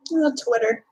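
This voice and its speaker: On a live stream, a young Texan woman with a Texan accent chats casually and answers her chat, using a lot of filler words. Her voice is high, and there's noise in the background.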